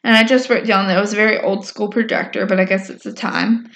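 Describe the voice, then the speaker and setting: A woman's voice: medium pitch, fairly even intonation, fast, fairly bright tone. A woman casually recapping a story in a rambling, chatty way with lots of fillers. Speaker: podcast co-host recapping episodes. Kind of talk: casual chat.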